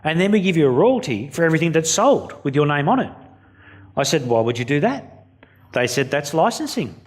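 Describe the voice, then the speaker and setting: A man's voice: on the high side, big pitch swings, fairly quick. An Australian man giving a keynote speech to an audience, blunt and self-mocking, acting out what people said. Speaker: keynote speaker. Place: conference venue before an audience.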